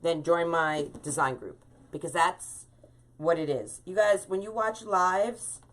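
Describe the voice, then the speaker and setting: A woman with a slightly low voice hosts a live wreath-making stream. She chats freely and greets each viewer by name as she works through the tutorial. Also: measured pace, a bit bright. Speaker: wreath designer hosting a live craft stream.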